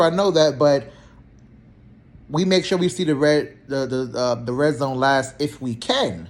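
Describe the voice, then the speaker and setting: A young healthcare therapist tells work stories for a casual storytelling vlog in a mid-range, unhurried voice. He's blunt, slangy and animated, acting out both sides of each conversation.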